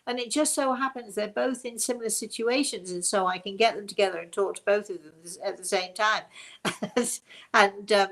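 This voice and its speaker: An older woman hosting a casual chat for her webinar audience, rambling warmly with many restarts and bursts of laughter. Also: medium pitch, normal speed. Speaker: host.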